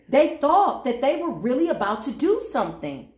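A woman's voice: sits high, sing-song, moderate pace, hardly any pauses. A woman giving a spiritual reading to camera in a casual, sassy, confrontational and preachy way. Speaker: spiritual reader. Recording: roomy echo.

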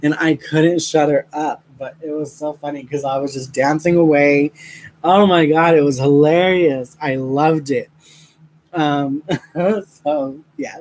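Young guy vlogging while he crafts, rambly and giggly, kinda high voice. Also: a little mellow, a little hiss or hum, poor audio. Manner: rambling, laughs often, many fillers. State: has a headache. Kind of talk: casual chat to viewers while crafting.

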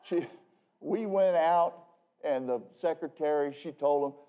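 A man's voice: a little high, unhurried, mellow. Joking, emphatic male pastor. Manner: joking, rambling and emphatic, with many restarts. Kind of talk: conversational evening sermon. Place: church.

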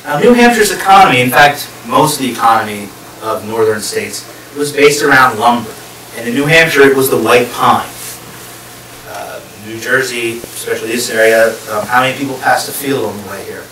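A man's voice: medium pitch, lively intonation, normal speed, bright, forceful tone. A man giving a public history lecture to a live audience, explaining step by step and putting questions to the listeners. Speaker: guest lecturer. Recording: echoey room, distant mic, faint hiss.

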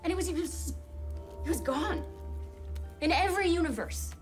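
A woman's voice: extremely high pitch, normal speed, soft background music. An actress playing a desperate armed woman who pleads breathlessly and insistently. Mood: stunned.

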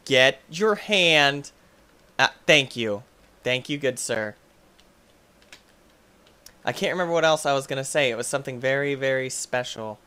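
A young man giving let's play commentary, excitable and quick to get frustrated, yelling at the game between chatty asides to viewers. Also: mid-range voice, clean tone. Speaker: gaming YouTuber.

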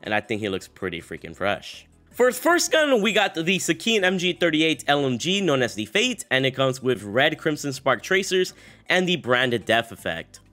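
A man's voice: on the high side, sing-song, moderate pace, pushed and bright, soft background music. A young man with a sick voice, giving casual, upbeat gaming commentary as a channel host, rambling with fillers. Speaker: gaming YouTuber.

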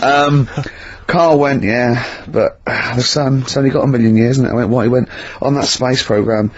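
A man hosting a casual radio show, telling stories in an animated, mocking way. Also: medium pitch, moderate pace. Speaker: radio host. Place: radio studio. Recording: dull lo-fi radio broadcast.

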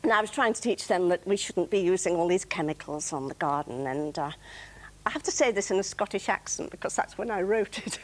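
A woman's voice: on the low side, brisk, poor audio. A middle-aged woman, a studio guest, chatting about her hobby and reading her own light, humorous poems. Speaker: guest poet. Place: television studio.

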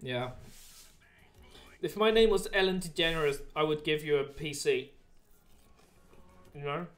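A male streamer with a slightly raised pitch jokes his way through casual, rambling live-stream banter. Soft music plays faintly underneath. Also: unhurried. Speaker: livestream host.

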